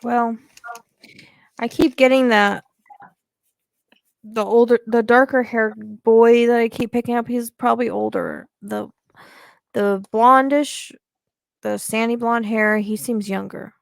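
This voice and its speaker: A woman talks her way through a psychic reading, searching for words with lots of fillers and restarts. Her voice has a creaky, gravelly texture. The sound is dry with almost no room. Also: on the high side, fairly even intonation, slow pace, long pauses, dry recording. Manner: hesitant, rambling with many fillers. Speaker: psychic medium.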